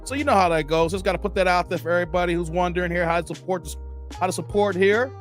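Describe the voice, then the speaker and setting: A man hosting a casual live stream, talking in loose slang, greeting viewers by name and getting animated as he riffs. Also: rapid-fire, faint music behind. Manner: animated, jumps high in pitch when worked up.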